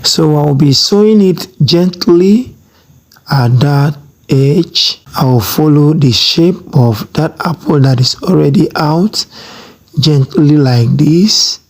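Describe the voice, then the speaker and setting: A sewing tutor giving a slow, step-by-step tutorial, checking in with viewers again and again and stressing each technique. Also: medium pitch. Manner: slow, repeats "have you seen?" often; instructive, emphatic on technique.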